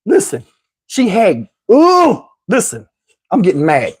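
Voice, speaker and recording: Animated middle-aged man telling a story. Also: sits high, slow, breathy edge. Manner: animated, laughing, slangy and profane. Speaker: vlogger telling a dating story. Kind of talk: casual storytelling to camera.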